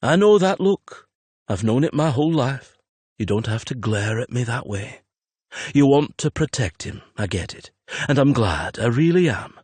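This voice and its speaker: A man's voice: medium pitch, big pitch swings, normal speed, darkish tone, slightly rough, dry recording, pitched above the performer's own voice. Blunt, weary middle-aged father with a raised, emotional delivery; a man voices him in a dry, close read. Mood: brash.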